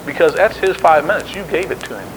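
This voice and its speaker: A man's voice: fairly high pitch, animated, fast talker, slight background noise, low-quality recording. A man preaching a sermon in an emphatic, conversational way, acting out the quotes he tells.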